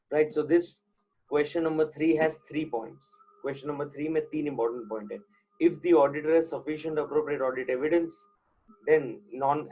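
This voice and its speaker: A man with an Indian accent teaches a live online accounting lecture, moving between English and Hindi and often checking that students are following. His voice is on the high side with a darkish tone, and the sound is lo-fi.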